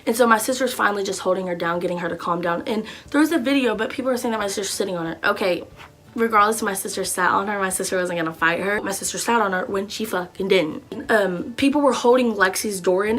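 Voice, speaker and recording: A young woman vlogger telling a story casually, profane and animated, jumping into loud shouted quotes. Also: mid-range voice.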